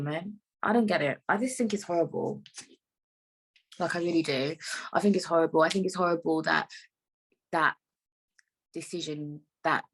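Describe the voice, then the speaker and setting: A woman's voice: sits low, breathy edge. A young woman hosting her own podcast, talking frankly and rambling, with plenty of swearing. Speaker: podcast host. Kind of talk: casual solo podcast monologue.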